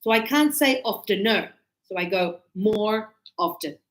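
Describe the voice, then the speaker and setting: A woman English teacher giving a classroom grammar lesson, talking slowly and deliberately and stretching out key words. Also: mid-range voice, lively intonation. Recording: echoey classroom.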